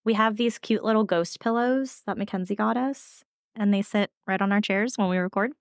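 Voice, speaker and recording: A woman's voice: mid-range voice, moderate pace, no room sound, studio quality. Easygoing woman podcast co-host. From Northern Virginia. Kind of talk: casual chat.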